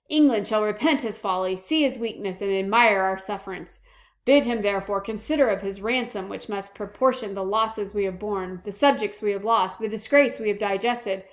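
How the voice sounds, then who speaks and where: A woman's voice: a little high, lightly acted. A woman playing a haughty French herald. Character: haughty French royal herald delivering defiance.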